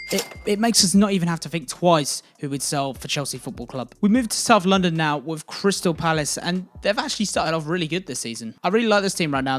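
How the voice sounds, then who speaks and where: A young man hosting a casual football video, giving chatty, opinionated and jokey commentary. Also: on the high side.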